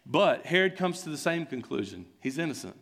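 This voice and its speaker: A man's voice: on the high side, very animated, brisk, a bit bright. A man preaching a sermon, retelling a scene in an earnest, conversational way. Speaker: pastor. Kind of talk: sermon storytelling.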